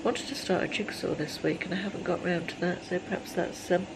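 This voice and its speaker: A woman in her fifties chatting casually in a rambling day-in-the-life vlog, full of ums and restarts, sometimes dropping to a soft near-whisper. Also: on the low side, fairly even intonation, brisk, creaky, noisy background. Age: 50s. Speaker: lifestyle vlogger.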